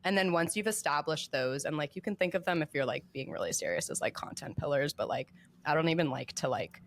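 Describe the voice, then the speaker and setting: A woman's voice: sits low, animated, quick pace, slight background noise. A young woman talking as a podcast guest in a casual, chatty way, with lots of filler words. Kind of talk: casual chat.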